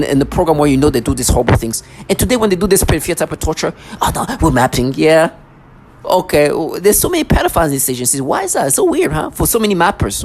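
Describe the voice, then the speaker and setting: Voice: medium pitch, darkish tone. A vlogger ranting to camera in an agitated, accusatory way, full of sarcasm and stammered restarts.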